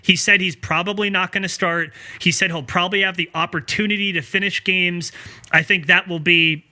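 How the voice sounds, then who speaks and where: A man hosting a casual sports podcast, chatty and quick to argue his point with a laugh. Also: sits high, steady tone, sharp tone. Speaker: podcast host.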